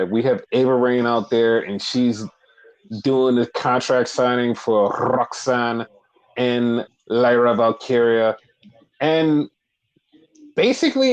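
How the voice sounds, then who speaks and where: A man chatting casually as a podcast co-host, talking through wrestling shows with plenty of "like" and offhand swearing. His voice sits at an ordinary middle pitch, and he rambles along in relaxed storytelling. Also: poor audio. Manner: loose, profane storytelling with lots of fillers. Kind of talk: casual chat recapping wrestling.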